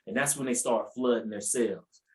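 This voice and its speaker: As a podcast guest, a man tells his personal faith testimony in a casual, colloquial way, repeating words and animatedly acting out what people said in a raised voice. His voice is medium-pitched at a moderate pace, and the audio is poor.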